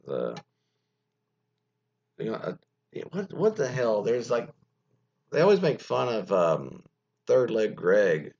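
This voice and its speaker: A man hosts a podcast by himself, talking in a gravelly voice at a middle pitch. His delivery swings lively up and down as he rambles, drifts into muttered asides and swears offhand. The recording is dull and lo-fi. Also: takes it slowly, pauses often. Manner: rambling, many fillers, trails off into mutters. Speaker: podcast host. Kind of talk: casual solo commentary reading from an article.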